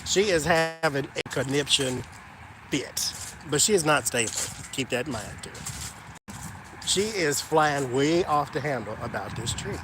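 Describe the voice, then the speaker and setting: A man tells a story to his viewers with gossipy energy and a lot of emphasis. His voice sits a little high and swoops up and down all the time. Faint background noise hums underneath. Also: lively intonation, a little slow. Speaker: vlogger. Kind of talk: casual storytelling to camera.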